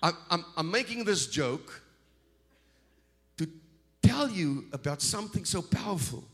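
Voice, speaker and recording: A middle-aged man from South Africa preaching as a guest speaker. His voice sits a bit high for a man, and he stumbles over and repeats words as he builds. He keeps rising into loud, animated bursts. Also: measured pace. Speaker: visiting preacher. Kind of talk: sermon.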